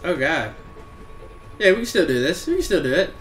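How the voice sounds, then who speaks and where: A man's voice: fairly high pitch, big pitch swings, normal speed, long pauses, a bit bright, soft background music. A man commenting on his own game as he plays, taunting opponents, swearing and laughing. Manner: trash-talking, taunting, swearing; playful, laughing. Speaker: gamer. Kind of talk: casual gameplay commentary.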